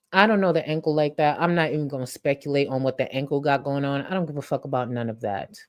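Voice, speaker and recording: A woman with a notably low voice hosts a live reaction stream. She talks bluntly and mockingly, throwing in crude jokes and plenty of profanity as she comments on clips. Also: darkish tone.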